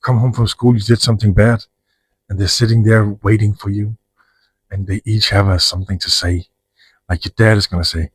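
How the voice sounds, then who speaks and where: A man's voice: lowish voice, flat delivery, brisk, slightly rough, no echo, low-quality recording. A man talking frankly about his own life in a rambling, profane monologue with frequent restarts. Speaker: vlogger. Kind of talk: personal monologue to camera.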